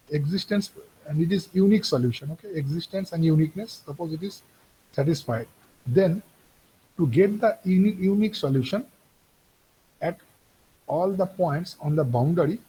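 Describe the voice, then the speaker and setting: A man's voice: high-pitched, dark tone, a little hiss or hum, rough recording. A man giving a university engineering lecture, repeating points and checking in with "okay" often.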